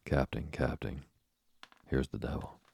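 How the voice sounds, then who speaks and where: A man voicing a rough, panicky young bumpkin passenger in a novel reading. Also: rumbling low, measured pace, darkish tone, heavily acted. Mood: panicked.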